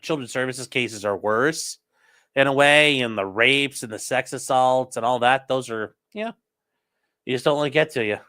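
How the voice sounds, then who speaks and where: A man's voice: mid-range voice, bright, forceful tone. A man, a lawyer, chatting casually on a livestream and answering viewer comments before trial footage. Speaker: lawyer streaming a trial with live chat.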